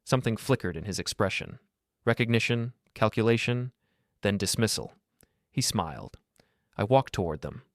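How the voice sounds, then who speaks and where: A man tells a first-person story in a calm, measured voice that sits very low. The recording is dry and close, with no room sound at all. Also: no room sound. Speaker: narrator.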